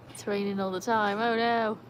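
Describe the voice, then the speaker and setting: A fairly high-pitched British woman hosts a casual livestream next to an outdoor pool, chatting with viewers and her dogs. She reads comments out and coaxes the dogs, while the low-quality recording carries a little hiss or hum along with splashing and barking.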